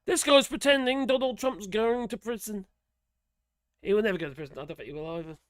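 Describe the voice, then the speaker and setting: A host talks through a live stream in a loose, rambling way, stopping to read out chat messages. The voice sits at an ordinary middle pitch, and the delivery is casual and meandering. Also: fairly quick, no room sound. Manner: rambling, chatty, sighs and laughs between remarks. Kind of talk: casual commentary reading out chat.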